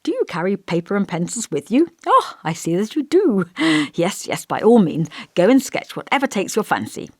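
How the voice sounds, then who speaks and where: Woman voicing a gentle, fussy old-fashioned vicar. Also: medium pitch, very animated, moderate pace, no room sound, clean studio sound, voice pushed up. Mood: genial. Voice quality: gentle, scholarly voice. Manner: kindly, hesitant, over-polite. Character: gentle, fussy, scholarly male village vicar. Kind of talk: audiobook character voice.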